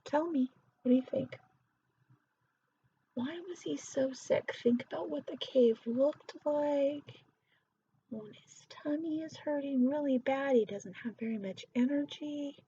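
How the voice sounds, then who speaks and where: A woman reading a children's story aloud, animated, pausing to ask the young listener questions. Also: high voice, muffled recording, slight background noise.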